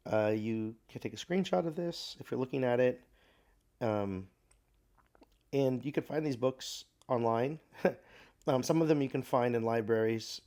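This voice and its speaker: A man teaching a recorded Bible class, speaking thoughtfully with pauses, restarts and fillers. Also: medium pitch, darkish tone.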